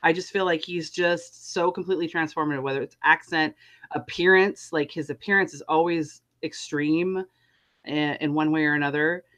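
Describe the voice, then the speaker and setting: A woman's voice: sits low, fairly even intonation, normal speed, fairly bright tone. A woman co-hosting a podcast in casual chat, talking in an emphatic, enthusiastic way. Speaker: podcast co-host.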